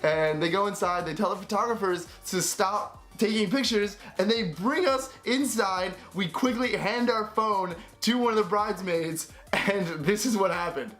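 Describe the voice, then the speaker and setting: A young man vlogging, telling a travel story in a lively way and acting out the people he quotes. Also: high voice, normal speed, few pauses, faint music behind. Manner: animated, acts out quoted voices. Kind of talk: storytelling to camera.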